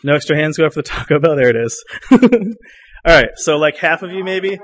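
High-voiced man performing spoken word poetry. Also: expressive, a little fast, a little hiss or hum. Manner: swings from loud declamation to hushed lines; loose rambling banter with the audience between poems. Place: live performance room with an audience.

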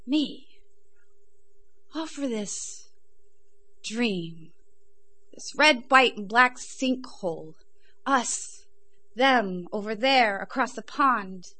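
A middle-aged woman from England performing spoken word poetry, rhythmic and intense, chatting casually between poems. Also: on the high side. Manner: rhythmic, intense delivery rising to loud emphatic peaks. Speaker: performance poet.

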